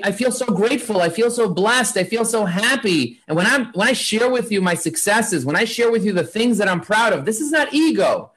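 A man talking as an interview guest in an energetic, preachy, motivational way, driving his points home with repeated lists. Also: sits high. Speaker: guest, marketing agency founder.

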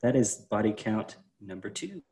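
A man's voice: on the low side, very animated, moderate pace, warm tone. Easygoing man co-hosting a podcast. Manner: easygoing, laughs often, many fillers. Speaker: podcast co-host. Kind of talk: casual movie recap chat.

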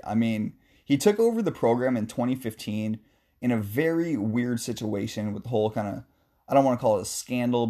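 Male sports talk host, mellow tone, casual and joking, mid-range pitch. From West Coast of the US. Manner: chatty, joking, animated asides. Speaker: sports podcast host answering listener questions.

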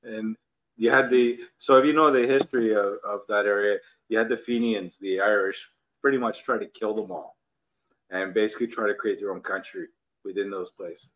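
A man's voice: lowish voice, steady tone, normal speed, fairly bright tone, rough recording. A man hosting a podcast, ranting bluntly and profanely in casual banter. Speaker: podcast host.

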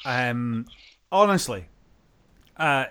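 A man hosting a casual football podcast, lively and joking, using slang. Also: medium pitch, extremely slow, clean tone. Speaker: podcast host.

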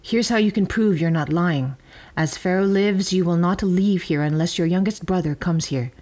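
A woman reading aloud as a stern, suspicious male governor who accuses strangers of spying, with slow, weighty delivery. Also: lowish voice, darkish tone, close to an everyday voice.

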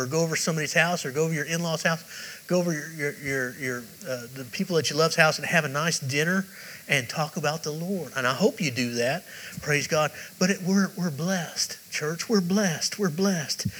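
A man's voice: fairly high pitch, fairly bright tone, poor audio. A male pastor preaching a sermon with emphatic, repetitive phrasing and direct questions to the congregation.

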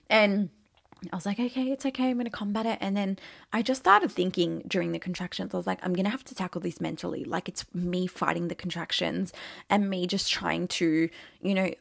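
A woman's voice: on the low side, gravelly. A young woman, telling her own story casually and candidly, with lots of "like" and acted-out quotes. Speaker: new mother telling her birth story.

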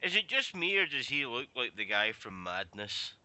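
Man, very bright tone, joking podcast banter, casual. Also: mid-range voice, big pitch swings, moderate pace, poor audio. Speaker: podcast co-host. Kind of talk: casual group chat watching a film.

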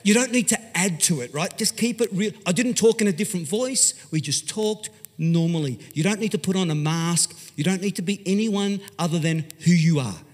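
An Australian pastor telling a story in an animated, conversational sermon, swinging from loud to hushed. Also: male voice, high voice, fairly quick, few pauses. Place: large church hall. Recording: long hall reverb.

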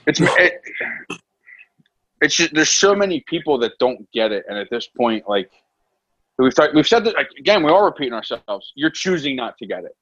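An American man rants in an exasperated, profane way in a casual chat. His voice sits a little higher than most men's. The recording sounds dull and lo-fi. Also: very animated, normal speed, a bit bright, a little hiss or hum. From United States.

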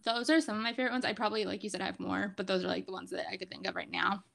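Young woman w a creaky fry voice, says like constantly, casual chatter. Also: medium pitch, fairly even intonation, a bit bright. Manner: says "like" a lot, quick and chatty. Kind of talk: casual chat.

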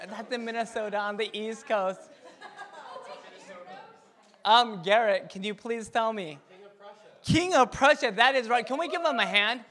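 A man's voice: high voice, pushed and bright. A young man preaching to a youth group in a playful style, quizzing listeners by name and telling his own story. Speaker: youth pastor.

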